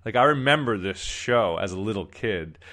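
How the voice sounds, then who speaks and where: A man's voice: on the low side, animated, normal speed, fairly bright tone. A man casually talking about an old sitcom, rambling with many restarts. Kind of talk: casual commentary.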